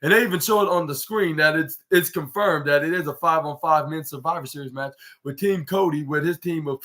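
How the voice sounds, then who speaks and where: Bright-voiced man rambling a wrestling recap. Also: fairly high pitch, brisk. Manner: rambling, heavy use of "like" and restarts, acts out quotes. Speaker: podcast host.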